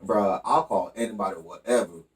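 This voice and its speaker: A man's voice: fairly low pitch, fairly quick, distant mic. A man co-hosting a podcast, telling loose, profane stories in casual chat and often asking "you know what I mean". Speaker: podcast co-host.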